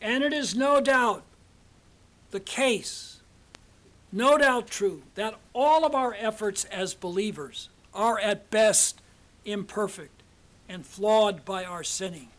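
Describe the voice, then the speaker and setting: An older man, a seminary professor, giving a measured, deliberate theology lecture with frequent pauses. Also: high-pitched, fairly bright tone. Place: seminar hall.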